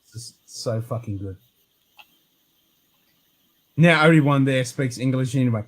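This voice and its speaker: A man's voice: medium pitch, unhurried. An Australian man hosting a live whisky chat, telling stories in a blunt, sweary way with frequent laughs. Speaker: host of a whisky show. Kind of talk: casual chat on a live stream.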